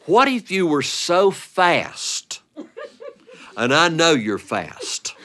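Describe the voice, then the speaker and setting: A playful male storyteller spins a family tale at an unhurried pace. His pitch swings widely as he laughs his way through the telling. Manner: playful, animated, often laughing.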